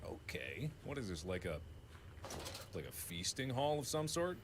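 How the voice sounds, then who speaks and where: A man's voice: mid-range voice, big pitch swings, measured pace, noisy background. A man playing a horror game and talking to himself, chatty and joking as he explores. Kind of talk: casual solo game commentary.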